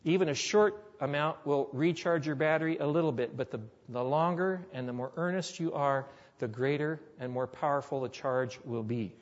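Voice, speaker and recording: A male pastor preaches in a folksy storytelling manner with a fairly high voice. The recording sounds dull and lo-fi, with a long echo from a large hall. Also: normal speed, hardly any pauses. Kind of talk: sermon.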